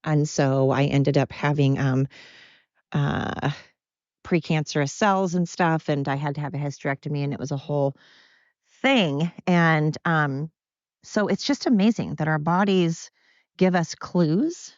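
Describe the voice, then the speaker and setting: A woman's voice: sits low, measured pace, no room sound. An American woman hosting a podcast at home, talking in a blunt, candid, rambling solo monologue. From United States. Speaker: podcast host. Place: at home with her dogs. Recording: dull, dry lo-fi sound.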